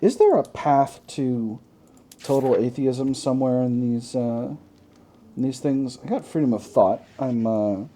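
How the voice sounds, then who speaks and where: A man's voice: mid-range voice, unhurried, mellow. A man hosting a gaming channel, chatting through a strategy game, thinking aloud with wry self-mocking asides.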